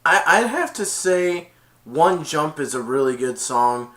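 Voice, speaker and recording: A man's voice: on the high side, sing-song, a little slow, a bit bright. A man casually reviewing a film, retelling the plot in a rambling way with many "and then"s.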